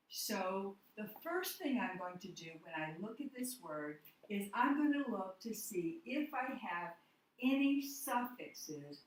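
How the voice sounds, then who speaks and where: A woman teacher giving a phonics lesson at a board, slow and deliberate, asking questions and answering them herself. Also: mid-range voice, reverberant, poor audio.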